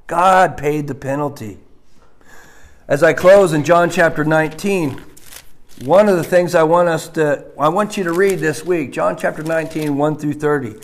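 A man preaching a sermon, swinging between loud stressed words and hushed, low lines. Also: moderate pace. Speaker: pastor.

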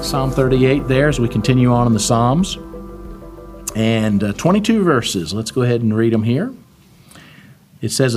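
A man's voice: medium pitch, lively intonation, moderate pace, pauses often, a little mellow. A man teaching a Bible study, reading scripture aloud with emphasis and talking in a casual way.

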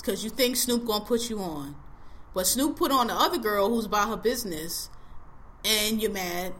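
A woman's voice: medium pitch, lively intonation, normal speed, a bit bright, slight background noise. A woman hosting a podcast, chatting casually about a TV show in blunt, profane slang and laughing often. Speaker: podcast host. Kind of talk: casual chat reviewing a TV show.

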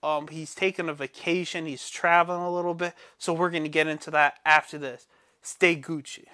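A man's voice: on the high side, level tone, normal speed, bright, forceful tone. A man hosting a casual commentary show, sharing strong opinions in a rambling way with frequent restarts. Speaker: host.

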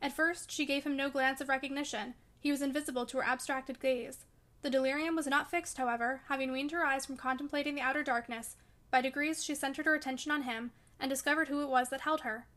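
High-voiced woman reading a novel aloud. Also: steady tone, fast talker, fairly bright tone. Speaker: reader. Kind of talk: audiobook narration of a classic novel.

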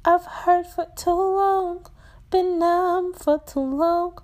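A woman's voice: very high-pitched, fairly even intonation, takes it slowly, darkish tone, voice pushed up. A woman voicing a desperate, tired woman from the past who pleads and accuses in a strained, crying voice in a spoken word poem. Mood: pleading. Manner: repetitive, pleading, emotional.

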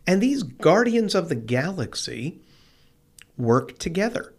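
A man's voice: a little high, very animated, takes it slowly. A man co-hosting a casual podcast, retelling movie scenes with animation and reading scripture passages aloud. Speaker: podcast co-host. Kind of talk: casual film discussion podcast.

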